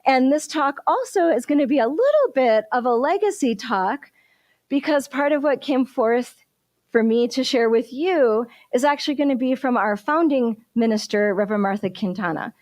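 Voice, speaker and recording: High-voiced woman minister giving a lively sermon. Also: normal speed, dry recording, studio quality. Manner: animated, warm storytelling with questions to the congregation.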